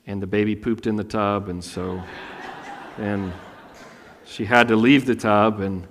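A man in his thirties preaching a sermon, casual and animated, often jumping into high, loud voices to act out the people in his stories. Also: measured pace, long reverb tail, a little hiss or hum. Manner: animated, acts out voices with sudden high pitch. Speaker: pastor.

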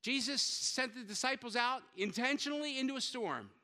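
A man preaching a sermon as a pastor, telling the story with lively voices for the characters and joking with his listeners. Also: very high voice, moderate pace, in a large hall. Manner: lively storytelling, acting out quotes, joking with the congregation.

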